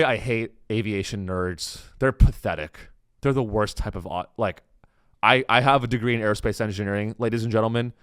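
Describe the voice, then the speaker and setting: A man's voice: medium pitch, fairly bright tone, smooth, no echo, clean studio sound. A young man hosting a comedy podcast, riffing sarcastically on the news and acting out the people he mocks. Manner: sarcastic, rambling, acts out quoted people.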